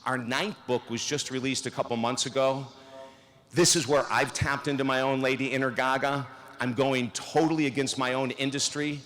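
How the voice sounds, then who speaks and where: A man delivers a motivational commencement speech in a large hall. He tells stories with dramatic swings between upbeat energy and hushed moments. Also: mid-range voice, steady tone, moderate pace. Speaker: commencement speaker.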